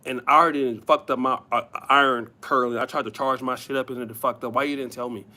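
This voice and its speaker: Guy imitating a bossy young woman, nagging, sweet but rude, bright voice. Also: mid-range voice, steady tone, fast talker. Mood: demanding.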